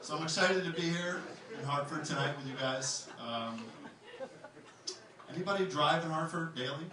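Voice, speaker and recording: A man doing a stand-up comedy set in a club, animated, jumping into high excited voices for the characters in his bits. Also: moderate pace. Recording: echoey club, mic from far off, crowd noise. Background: audience laughter.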